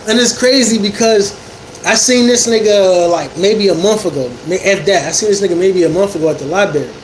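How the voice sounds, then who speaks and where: A man with a high voice spins a story for his livestream chat, animated and quick to laugh, his talk full of casual profanity and slang. A steady air-conditioner hum runs loud behind him. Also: rough recording. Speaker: livestreamer telling stories to chat.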